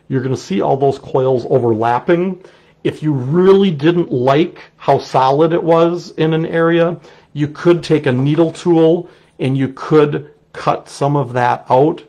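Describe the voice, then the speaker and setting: A middle-aged man with a Wisconsin accent, demonstrating a clay technique in a relaxed, chatty way as he works. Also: mid-range voice. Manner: relaxed, chatty, explains while working. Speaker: clay artist teaching a technique. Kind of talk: casual live demonstration.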